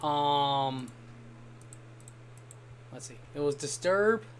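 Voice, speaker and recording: A man streaming a game and telling a rambling story in casual chat, swearing freely and getting animated when he quotes people. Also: fairly high pitch, very slow, clear, resonant tone. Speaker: gaming streamer. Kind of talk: casual storytelling while gaming.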